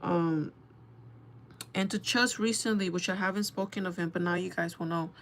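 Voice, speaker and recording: With a steady tone and a lowish voice at moderate pace, this twenty-something beauty vlogger does her makeup while telling a frank, casual story. She swears freely throughout.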